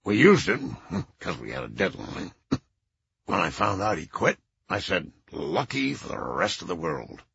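Guy playing a congested old producer, low and gravelly, snide and scornful. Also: huge pitch swings, measured pace, a bit bright, dull audio, full character voice. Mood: sardonic. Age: older. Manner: sardonic, scornful.

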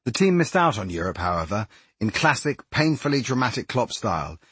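Husky male audiobook narrator. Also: on the low side, very animated, a little fast, a bit bright, no room sound. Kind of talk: scripted narration.

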